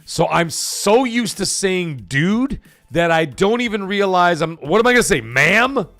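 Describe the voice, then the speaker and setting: A middle-aged man hosting a live stream in loose, profane, rambling chat that breaks into bursts of shouting. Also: high-pitched, lively intonation, measured pace, dry recording. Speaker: livestream host.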